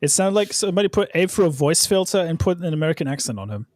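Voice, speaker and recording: A man co-hosting a casual podcast, joking and laughing through expressive banter. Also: fairly high pitch, quick pace, a little hiss or hum. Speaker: podcast co-host.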